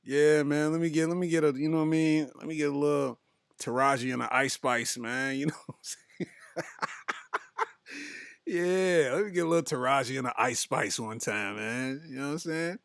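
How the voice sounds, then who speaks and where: A man's voice: fairly high pitch, moderate pace, gravelly, smooth, dry recording, studio quality. A man hosting a comedy podcast, reading his live chat aloud in loose, slangy talk and breaking into laughter often.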